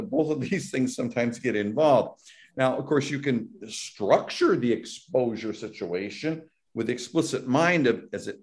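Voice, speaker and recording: A man who is a psychology professor, giving an explanatory academic talk over a video call, with frequent restarts and repeated words. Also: medium pitch. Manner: explanatory, acts out patients' worried voices, many restarts.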